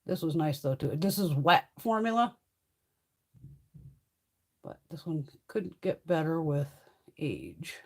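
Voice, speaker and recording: A middle-aged woman chats through a makeup livestream in a loose, blunt way, dropping curse words and calling out viewers by name. Her pitch rises and falls a great deal as she talks. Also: big pitch swings, slow pace, long pauses. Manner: chatty, blunt, swears freely; answers viewers' comments by name. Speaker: beauty livestream host. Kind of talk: casual livestream chat.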